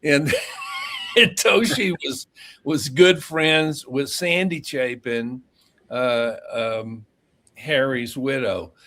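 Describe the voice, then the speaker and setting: A man's voice: mid-range voice, wildly swooping pitch, very slow, pushed and bright. Older man, podcast guest, mid-range voice, casual storytelling, rambling, laughs at himself, acts out quotes. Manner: rambling, laughs at his own stories.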